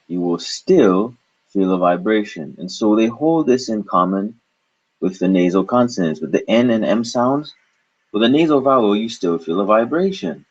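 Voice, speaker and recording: A man with a deep, slightly husky voice teaches a recorded language lesson. He explains patiently, posing questions and then answering them himself. The recording sounds dull and lo-fi.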